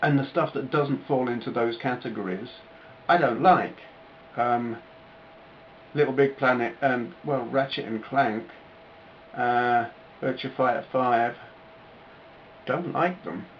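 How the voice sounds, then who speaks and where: A man's voice: mid-range voice, slow pace, pauses often. A man chatting casually in a vlog, rambling and breaking off his own sentences with lots of fillers. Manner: rambling, self-interrupting, chatty with frequent fillers. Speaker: retro gaming YouTuber. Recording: slightly dull lo-fi audio with faint background noise.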